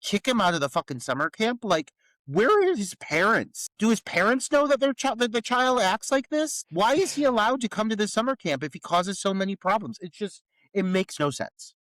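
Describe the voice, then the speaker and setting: A man on a podcast tears into a film in casual review chat, his high voice swinging widely as he fires off exasperated rhetorical questions. He swears freely. The recording is close and dry. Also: animated, moderate pace, fairly bright tone, no room sound, low-quality recording. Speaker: podcast co-host.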